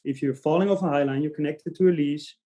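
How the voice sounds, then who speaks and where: A man from the Netherlands, a native Dutch speaker, chatting as a podcast guest and telling animated stories with many fillers. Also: a little high, quick pace. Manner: animated storytelling with frequent fillers and laughs. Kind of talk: casual interview chat.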